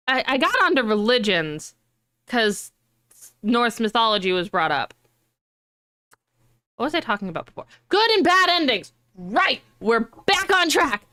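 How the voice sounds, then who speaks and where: A young woman streamer chatting casually, animated and rambling, with frequent swearing. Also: on the high side, unhurried, long pauses.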